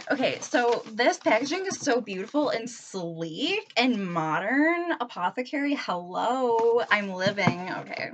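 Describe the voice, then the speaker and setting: Gushing young woman, slow lo-fi unboxing. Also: on the high side, noisy background. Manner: gushing, excitable, slangy. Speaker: vlogger. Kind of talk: casual unboxing chat. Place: her reading room at home.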